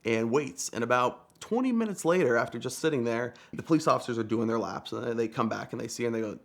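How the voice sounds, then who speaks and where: A man's voice: medium pitch, quick pace, vocal fry. A young man from Vermont telling a casual, chatty, self-deprecating story as a guest storyteller.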